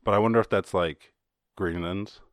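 A man's voice: low voice, fairly even intonation, moderate pace, dry recording. An Irish man hosting a podcast, rambling through casual solo commentary, jokey and full of swearing. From Ireland. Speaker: podcast host.

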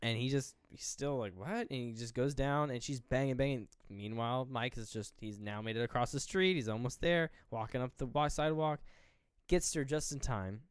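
A man co-hosting a podcast, retelling a horror film with lively, acted-out quotes and casual swearing. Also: medium pitch, moderate pace, clean tone, no echo, studio quality. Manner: animated retelling, acting out characters' lines; swears freely. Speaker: podcast co-host. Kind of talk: casual movie recap.

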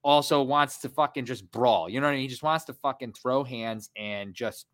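A man in his thirties co-hosting a casual fight podcast, animated and rambling, swearing freely. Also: medium pitch, normal speed. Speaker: podcast co-host.

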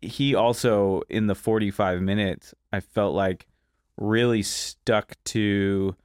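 A man's voice: on the low side, fairly even intonation, slow pace, darkish tone, clean tone, dry recording, clean studio sound. A man hosting a podcast, telling loose, profane kitchen stories with plenty of fillers. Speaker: podcast host, chef. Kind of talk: casual chat.

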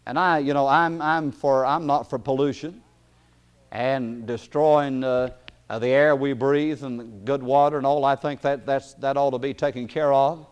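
A man preaching a sermon in a folksy way, chuckling often and hesitating with fillers, then rising into loud emphatic bursts. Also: medium pitch, steady tone, normal speed, clear, resonant tone, highs cut off.

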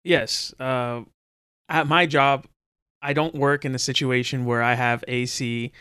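A man's voice: medium pitch, steady tone, measured pace, sharp tone, smooth, dry recording, studio quality. A man co-hosting a podcast in casual chat, laid-back and joking, talking with fillers. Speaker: podcast co-host.

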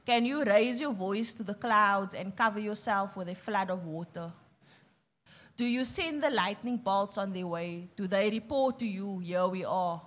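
A woman reads scripture aloud in a steady, measured way, at an ordinary middle pitch for a woman. Her reading is plain and unhurried. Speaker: scripture reader.

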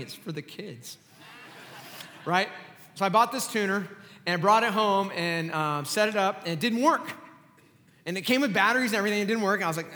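Male pastor, middle-aged, animated joking sermon, high bright tone, reverberant hall. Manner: animated, sarcastic and joking, with quick asides.

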